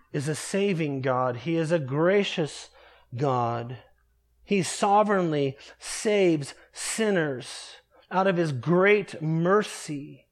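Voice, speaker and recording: Male preacher, expository sermon; high-pitched, deliberate and emphatic delivery. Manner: slow, emphatic phrasing with drawn-out key words.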